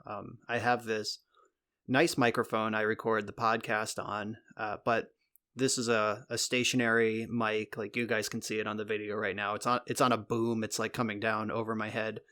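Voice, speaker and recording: A man's voice: lowish voice, level tone, moderate pace, sharp tone. A man co-hosting a podcast in casual chat, rambling with lots of fillers and the odd swear, speaking from a home recording room. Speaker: podcast co-host.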